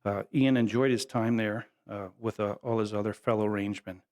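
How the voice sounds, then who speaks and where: A man's voice: on the low side, steady tone, normal speed, darkish tone. Folksy middle-aged man telling stories. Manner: folksy, humorous storytelling. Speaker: family member giving a eulogy. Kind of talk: anecdotal memorial speech.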